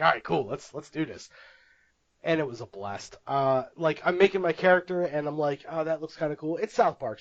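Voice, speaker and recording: A man co-hosting a podcast, telling a story in casual chat, animated and laughing often as he acts out what people said. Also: on the high side, no echo, lo-fi sound. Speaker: podcast co-host.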